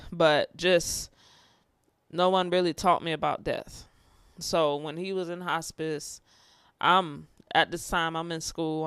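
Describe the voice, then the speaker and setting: A woman's voice: low-pitched, clean tone, dry recording, studio quality. Emotional young woman telling a personal story. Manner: candid and emotional, with fillers and restarts.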